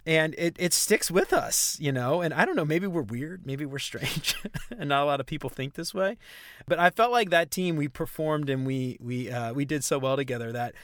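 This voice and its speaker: A man's voice: a little high, lively intonation, normal speed, a bit bright, no room sound. A man from New Orleans with a New Orleans accent, co-hosting a podcast in casual, rambling chat and laughing often. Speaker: podcast co-host.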